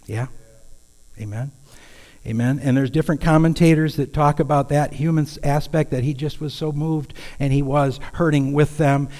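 Pastor guy giving a sermon, mellow tone, church hall echo, earnest chatty preaching. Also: fairly high pitch, steady tone, moderate pace. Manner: earnest, conversational preaching with sudden raised calls. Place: church sanctuary. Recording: long hall reverb.

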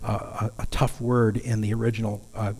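A man's voice: on the low side, level tone, moderate pace, a little mellow. A man preaching a sermon in a church, earnest and conversational, now and then raising his voice for emphasis. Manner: earnest, conversational preaching with sudden raised calls. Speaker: pastor. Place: church sanctuary. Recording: long hall reverb.

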